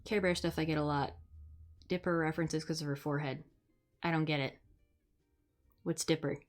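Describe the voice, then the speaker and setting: A young adult woman from the Midwest United States hosts a live stream, chatting casually in a deep voice with fairly even intonation at normal speed, faint music behind her. She is blunt and sarcastic and swears freely.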